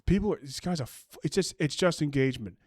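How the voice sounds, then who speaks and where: A man's voice: fairly high pitch, expressive, fast, darkish tone, husky, dry recording, clean studio sound. A man ranting mockingly about online posts, crude and angry, often restarting his sentences. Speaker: streamer reacting to posts. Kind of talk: profane casual rant.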